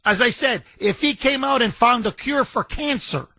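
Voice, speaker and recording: A man's voice: very high voice, animated, normal speed, vocal fry, hardly any pauses, pushed and bright, no room sound. A man hosting a talk radio show, delivering a combative, emphatic and mocking monologue from a studio microphone.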